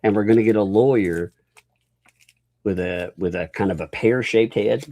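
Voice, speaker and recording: A man's voice: lowish voice, fairly even intonation, moderate pace, long pauses, dark tone. A father hosting a casual livestream, playfully joking and laughing while he talks with his young daughter. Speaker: livestream host.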